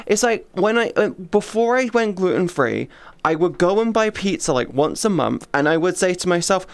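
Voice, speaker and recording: A woman streamer in casual chat who rants loudly and swears constantly. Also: fairly low pitch, expressive, normal speed. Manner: loud, profane, ranting. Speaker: VTuber streamer.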